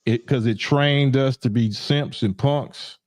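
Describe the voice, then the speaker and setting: A man's voice: mid-range voice, slow pace, darkish tone, no room sound. Male livestream host, casual rambling talk, dry close sound. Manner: rambling, repeats "you know what I'm saying", acts out quoted voices.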